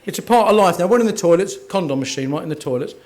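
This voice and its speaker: A man's voice: sits high, lively intonation, rapid-fire, a little mellow. A man from Kent doing a cheeky, self-mocking stand-up routine at an awards dinner in a hotel function room. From Kent, England. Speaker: after-dinner comedian.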